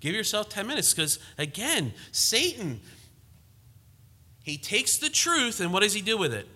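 Emphatic preacher man, bright voice. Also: high voice, measured pace, long reverb tail. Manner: animated, mocking quoted lines in a lighter voice; rises to emphatic force, drops to hushed tones. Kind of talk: sermon.

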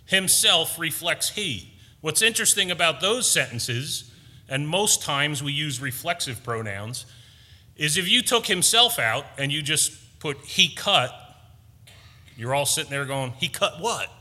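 A man preaching a sermon as pastor, emphatic and animated, with playful asides to the congregation. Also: a little high, a little slow, in a large hall.

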